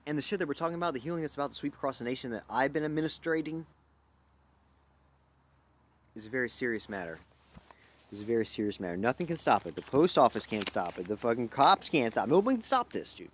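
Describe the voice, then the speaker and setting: A man's voice: medium pitch, expressive, racing, a little hiss or hum. A young man from Louisiana hosting a livestream, talking in a rambling, profane, erratic way that jumps between topics. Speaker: livestream host. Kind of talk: rambling casual livestream chat.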